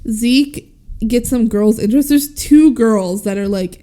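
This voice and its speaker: A woman co-hosting a podcast, casually recapping a movie and quoting its characters in lively voices. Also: a little high, unhurried. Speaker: podcast co-host. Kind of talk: casual film recap chat.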